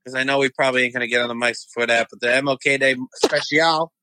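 A man's voice: medium pitch, steady tone, fast talker, background noise. A man co-hosting a podcast, chatting loosely about basketball with a joking, filler-heavy manner. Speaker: podcast co-host. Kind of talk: casual sports chat.

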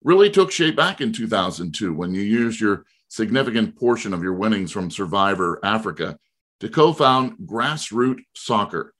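Low-voiced male sports radio host. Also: fairly bright tone. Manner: measured, formal read introduction. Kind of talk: scripted interview introduction.

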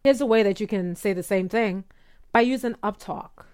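A woman hosts a podcast as a speech coach, talking listeners through tone of voice. She explains plainly and acts out softer phrasings with a rising lilt to show her point. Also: medium pitch, normal speed, clean tone. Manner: demonstrates tones, rising uptalk in quoted examples. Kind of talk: instructional podcast talk.

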